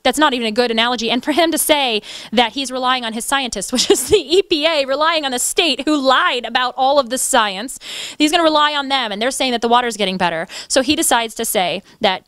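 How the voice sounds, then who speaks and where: Woman, activist guest, impassioned, fairly high voice. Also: brisk, a bit bright, dry recording. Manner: impassioned, indignant. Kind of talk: interview conversation.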